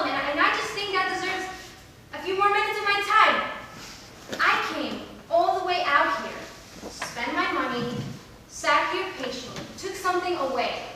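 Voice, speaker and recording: Woman doing a patient thoughtful moviegoer, very high bright voice, lil teasing, echoey hall far from mic. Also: slight background noise, heavily acted. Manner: measured, patient, lightly mocking. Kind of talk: staged play reading. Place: large hall, live stage reading.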